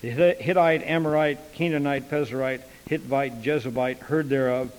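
A man's voice: medium pitch, fairly even intonation, moderate pace, big-room sound, poor audio. A man preaching a sermon in a folksy way, acting out the dialogue of the people in his stories. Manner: folksy, acts out dialogue with voices.

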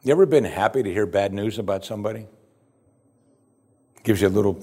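A man preaching a sermon as pastor, earnest and emphatic, often dropping his voice to a hushed close. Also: on the low side, quick pace, long pauses, slightly rough.

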